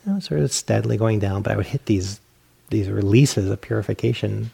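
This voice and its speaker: A man's voice: lowish voice, fairly quick, gravelly, dark tone, slightly rough. A male meditation teacher giving a dharma talk, telling a personal story in a self-mocking way and acting out his own inner voice.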